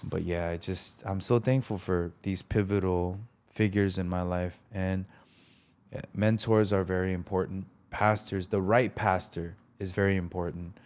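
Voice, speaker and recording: A man with a lowish voice tells his story in a relaxed interview. He is earnest and reflective, and he brings past dialogue to life with animated retelling. He speaks as a preacher looking back. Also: a little slow. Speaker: preacher and podcast guest.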